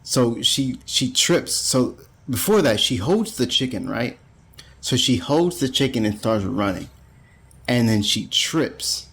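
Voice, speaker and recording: A man's voice: mid-range voice, expressive, takes it slowly, a bit bright, breathy edge. A man giving a casual, rambling manga chapter review, full of slang and frequent laughter. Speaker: anime reviewer.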